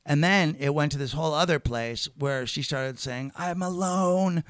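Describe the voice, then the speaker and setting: A middle-aged man, a comedian guest, telling a rambling, animated story in casual chat and swearing freely. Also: medium pitch, moderate pace, clean tone, dry recording.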